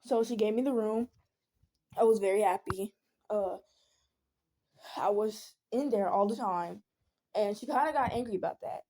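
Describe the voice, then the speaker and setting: A woman's voice: medium pitch, normal speed, pauses often, warm tone. A teenage girl venting in a casual monologue, earnest and rambling, often pleading. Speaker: vlogger.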